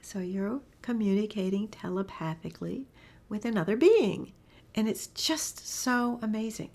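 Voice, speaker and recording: A woman speaking a little slowly, in a mid-range and slightly mellow voice, teaches animal communication conversationally. She's full of enthusiasm and stories, and often sinks into a breathy whisper.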